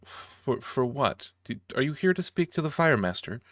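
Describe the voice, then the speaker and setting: A man's voice: medium pitch, big pitch swings, moderate pace, a bit bright, no echo, studio quality, pitched above the performer's own voice. A man voicing a nervous male dwarf librarian who stammers and rambles anxiously. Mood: flustered.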